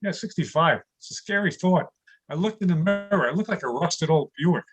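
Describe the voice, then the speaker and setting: A man's voice: on the high side, animated, a little fast. A man in his sixties from New York City doing a stand-up comedy set over a video call from his home studio, chuckling at his own punchlines. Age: 60s.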